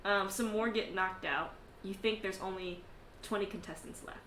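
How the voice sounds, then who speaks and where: A woman's voice: mid-range voice, steady tone, normal speed, a bit bright, roomy sound, a little hiss or hum. A woman narrating a tabletop game as game master, laughing often and swearing casually between filler words.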